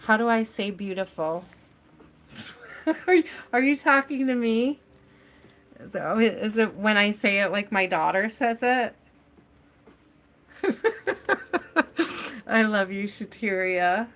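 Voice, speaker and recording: A woman reads tarot live for her viewers in a loose, chatty way, calling people by name as she goes. Her voice is bright and forward, and she takes her time, letting her words come out unhurried. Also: mid-range voice, lively intonation. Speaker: tarot reader hosting a live stream. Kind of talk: live tarot reading, casual chat.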